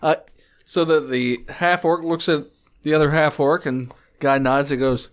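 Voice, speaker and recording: A man's voice: a little high, fairly even intonation, smooth. A man running a tabletop game as game master, narrating with frequent laughter. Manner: laughing, quick asides, voices characters.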